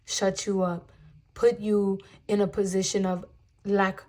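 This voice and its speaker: Flat in delivery and dark in tone, this young woman's mid-range voice leads a channeled tarot reading. Addressing viewers as "guys," she talks spirituality in an earnest, emphatic way, drawing each word out.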